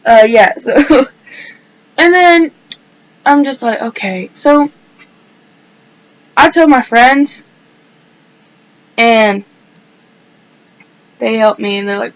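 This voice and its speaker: Recorded roughly, this female vlogger speaks at a fairly high pitch, slowly and with long pauses. Her casual personal story wanders, stuffed with filler "like"s.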